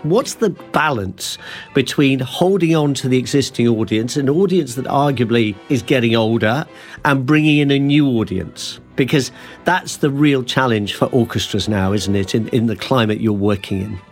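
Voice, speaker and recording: A man interviewing a guest, asking measured, probing questions. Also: medium pitch, faint music behind. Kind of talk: broadcast interview.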